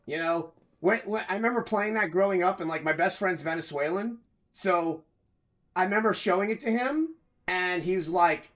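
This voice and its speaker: A man streaming a video game from home, chatting casually with viewers, excitable and swearing freely, breaking into loud outcries. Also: sits high, normal speed. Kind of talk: casual live-stream chat.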